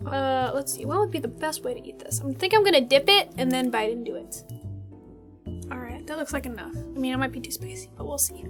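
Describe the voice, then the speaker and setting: A young woman hosting a casual food tasting vlog, bubbly and chatty, full of excited fillers. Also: sits high, fairly quick, music in the background. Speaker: host.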